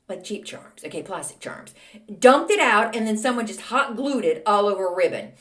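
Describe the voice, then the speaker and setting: Lively, ranting woman in her sixties. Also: mid-range voice, normal speed. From Texas. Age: 60s. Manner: chatty, ranting, self-mocking. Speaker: podcast host. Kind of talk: casual monologue.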